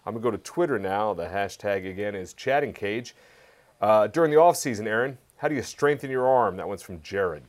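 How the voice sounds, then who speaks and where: An energetic male host with a slightly low voice runs a fan Q&A, calling in viewers and reading their questions. He keeps the pace lively and friendly. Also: fairly quick. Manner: energetic, hypes fans up. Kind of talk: upbeat live fan Q&A hosting.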